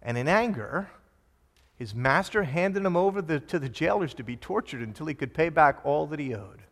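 A male pastor delivers a sermon in a high, expressive voice that rises and falls widely. He tells the story with animation and presses his points with fervor. His words echo through a large, reverberant hall. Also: moderate pace, vocal fry.

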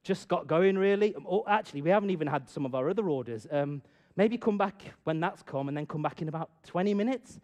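A middle-aged man tells a story to a room and draws a gentle lesson from it. His voice sits a little high and leaps about, jumping from loud bursts down to near-whispered asides. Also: brisk, hardly any pauses, lo-fi sound. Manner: animated, swings from loud bursts to hushed asides. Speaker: speaker addressing an audience. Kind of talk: storytelling talk with a moral.

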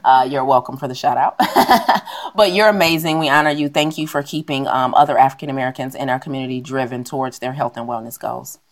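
A woman co-hosting a podcast in casual chat, animated and laughing often as she retells stories. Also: a bass voice, a little fast. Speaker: podcast co-host.

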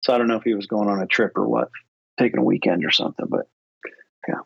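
A man's voice: fairly low pitch, fast talker, gravelly, slightly rough, lo-fi sound. A man co-hosting a podcast in easygoing, rambling casual chat, agreeable and loose. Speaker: podcast co-host.

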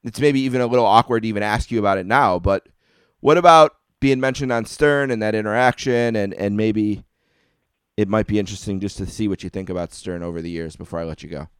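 A male podcast host with a lowish, smooth and resonant voice, who circles around his questions in a loose, chatty way. The sound is dry and close, with no room around it. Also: quick pace, no room sound. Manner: rambling, self-interrupting, chatty. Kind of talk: casual interview chat.

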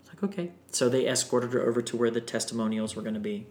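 A man, a singer guest on a podcast, telling an emotional story in an animated way. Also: medium pitch, fast talker. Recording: roomy echo.

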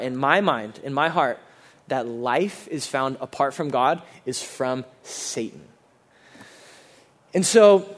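A male pastor delivers a sermon in a high, earnest voice. He talks to the congregation in a loose, conversational way, restarting phrases often. For emphasis he sinks into a low, hushed tone. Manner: earnest, conversational preaching with many fillers and restarts.

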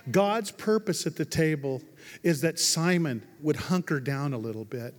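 A male pastor delivers an emphatic sermon with a fairly high-pitched voice. He drops to hushed lines and rises to loud, driving ones. The sound carries the long reverb of a large church hall. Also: animated, moderate pace.

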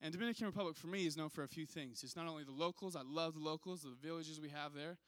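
A male pastor telling a funny story in a sermon, animated and self-mocking, often checking in with the audience. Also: on the high side, fast, dry recording.

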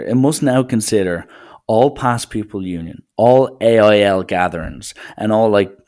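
A young Irish man with a lowish, darkish voice hosts a casual solo podcast. He rambles along sardonically, in a mock-serious manner.

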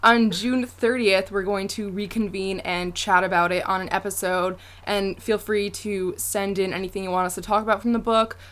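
A woman's voice: medium pitch, fairly even intonation, moderate pace, few pauses, a bit bright. A young woman co-hosting a podcast, chatting casually with many fillers and frequent laughs. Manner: chatty, giggly, lots of fillers. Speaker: podcast co-host. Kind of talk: casual chat.

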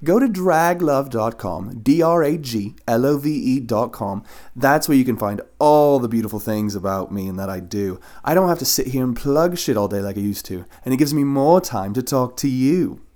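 A man's voice: medium pitch, expressive, normal speed, darkish tone, close to an everyday voice. A man putting on a flirty, posh British drag diva voice to read an ad, calling listeners darlings. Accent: put-on British. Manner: flamboyant, teasing, addresses listeners as darlings.

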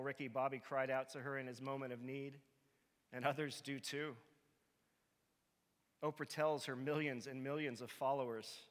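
Pastor guy preaching, mid-pitched voice, big church echo, punchy and emphatic. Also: a bit bright. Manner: emphatic preaching with rhetorical questions. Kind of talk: sermon. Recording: long reverb of a large hall.

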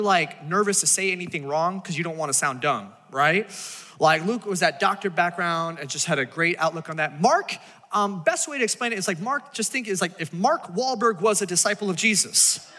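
A man's voice: high-pitched, lively intonation, normal speed, sharp tone, long reverb tail. A man preaching a sermon as a pastor, talking casually and acting out voices as he tells the story.

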